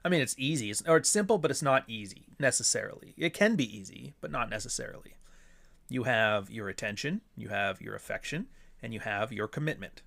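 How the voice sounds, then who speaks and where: A man's voice: medium pitch, lively intonation, fairly quick, gravelly, fairly bright tone. A man hosting a casual livestream, talking bluntly and sardonically with plenty of swearing, asking and answering his own rhetorical questions while reading chat messages.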